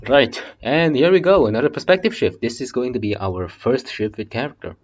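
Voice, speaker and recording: A man's voice: medium pitch, sing-song, brisk, highs cut off. A man reading an audiobook casually in a basement, breaking off for swearing, joking asides. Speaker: audiobook reader.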